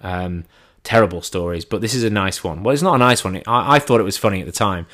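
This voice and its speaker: A man's voice: on the low side, fast, a bit bright. Dry English man telling stories. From England. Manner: dry, self-mocking, swears casually. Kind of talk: comic storytelling.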